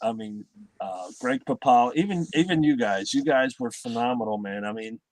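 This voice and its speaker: A middle-aged man chatting casually as a guest, halting and repeating his words as he tells stories. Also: mid-range voice, a little mellow, no room sound. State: recovering from heart surgery. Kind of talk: casual chat.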